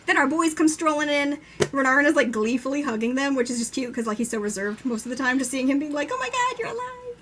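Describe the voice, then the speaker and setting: Young woman recapping a book fast and gushing, high voice, light hiss under the mic. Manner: enthusiastic, swears freely, acts out quotes with laughter. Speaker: book discussion co-host. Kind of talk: casual live-stream book chat.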